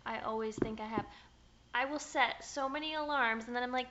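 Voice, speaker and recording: A woman's voice: on the high side, a little fast, fairly bright tone, a little hiss or hum. A young woman co-hosting a podcast, chatting casually and playfully. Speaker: podcast co-host. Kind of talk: casual chat. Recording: dull, lo-fi podcast audio.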